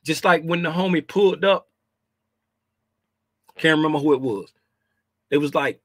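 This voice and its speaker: Guy with a high voice teaching trades, slangy and repetitive, keeps saying right?, dry sound. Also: moderate pace, pauses often, fairly bright tone, no echo. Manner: informal slangy speech. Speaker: trading educator. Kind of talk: casual trading lesson over charts.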